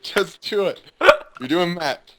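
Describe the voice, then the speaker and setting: A man's voice: high-pitched, takes it slowly. A man co-hosting a casual podcast, joking, swearing and laughing often. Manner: joking, profane, laughs a lot. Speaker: podcast co-host.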